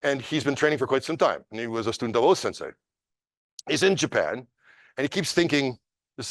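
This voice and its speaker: A man's voice: on the low side, no echo, clean studio sound. Man telling a story at a seminar. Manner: animated, emphatic storyteller. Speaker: martial arts instructor.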